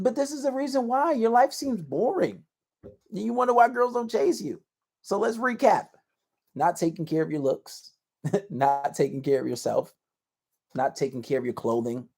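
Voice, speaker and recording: A man's voice: on the high side, moderate pace, darkish tone. Blunt, self-assured man giving dating advice. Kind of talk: casual advice monologue to camera.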